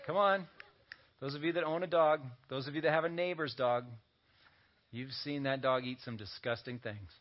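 A man's voice: on the high side, normal speed. A man preaching a sermon as a pastor, talking conversationally and slipping in joking asides. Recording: dull lo-fi audio recording.

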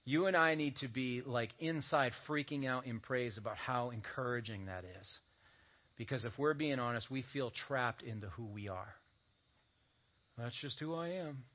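A man's voice: medium pitch, normal speed. A man preaching a sermon as a pastor, talking conversationally and slipping in joking asides. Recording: dull lo-fi audio recording.

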